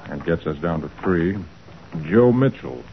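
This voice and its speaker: An actor playing a calm, methodical detective in 1940s radio acting style. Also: male voice, low-pitched, creaky, lo-fi sound, full character voice. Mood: focused. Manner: brisk, businesslike. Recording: scratchy old radio broadcast with faint hiss.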